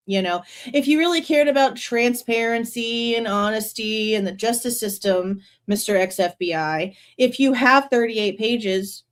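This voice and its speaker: A woman hosting a true crime livestream, reading passages from a book aloud and breaking off into blunt, sarcastic commentary with swearing. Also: fairly high pitch. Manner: reads quoted passages, then breaks off to comment.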